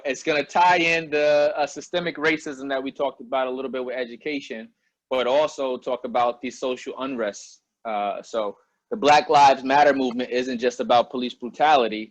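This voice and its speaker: A man from Albany, New York, interviewing a guest in a relaxed, slangy way, often asking "you know what I mean?". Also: mid-range voice, normal speed, no room sound. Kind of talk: casual conversational interview.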